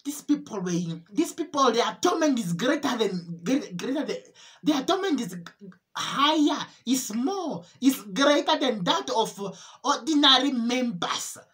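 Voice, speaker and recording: Woman, religious testimony, earnest, repetitive, halting, high-pitched. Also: sing-song, a bit bright. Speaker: testimony preacher.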